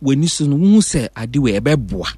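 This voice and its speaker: A man's voice: medium pitch, sing-song, normal speed, warm tone, breathy edge, no echo, clean studio sound. A man, a pastor guest on a radio show, teaching emphatically. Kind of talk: radio studio discussion.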